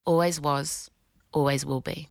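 An Australian woman reading a formal acknowledgement slowly and solemnly. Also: deep voice, fairly even intonation. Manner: slow, solemn. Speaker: podcast host. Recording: soft music underneath.

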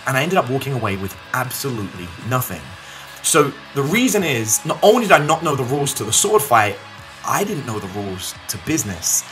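A man's voice: mid-range voice, big pitch swings, fairly quick, over music, rough recording. A man telling a story to camera as a business coach, acting out the dialogue as he goes.

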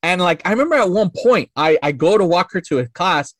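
A man in his thirties tells a story as a podcast guest, rambling and swearing freely, with "like" in nearly every sentence. His voice sits a bit high for a man, and the recording is dry and close with no room sound. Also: animated, brisk, fairly bright tone, dry recording. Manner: rambling, profane, full of "like" fillers. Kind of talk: casual storytelling.

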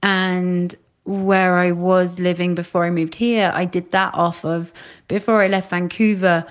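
A woman from the UK with a slightly low voice, chatting as a podcast guest. She tells her stories with animation and slips into the voices of the people she quotes. Her talk is casual and flowing. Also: level tone, measured pace, smooth. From United Kingdom. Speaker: psychic medium guest.

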